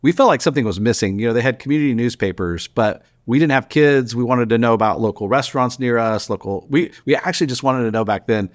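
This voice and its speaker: A man, a news publisher telling stories in a casual interview. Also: medium pitch. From Texas. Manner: animated storyteller, quick restarts. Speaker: guest, news publisher founder.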